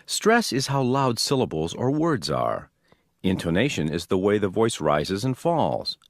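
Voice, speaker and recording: A man reading a scripted language lesson in a low voice with strongly varied intonation. His delivery is slow and demonstrative, and the studio sound is dry. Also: very animated, no echo. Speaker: narrator. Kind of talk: scripted textbook narration.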